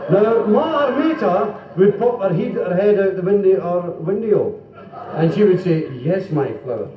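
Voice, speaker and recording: A man's voice: high-pitched, a little slow, very noisy. A Scottish man doing live stand-up comedy, telling jokey stories with sung bits and laughing at himself as he goes. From Scotland. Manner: jokey, lively storytelling with sung bits and self-interrupting laughter. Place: club stage before an audience. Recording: roomy, distant, dull 1970s live club recording.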